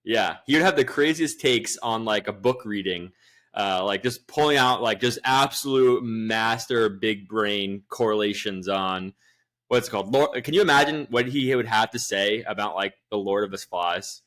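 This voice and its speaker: A man's voice: on the low side, moderate pace, fairly bright tone. A young man co-hosting a sports podcast, laid back and dry in his jokes. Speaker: podcast co-host. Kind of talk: casual sports chat.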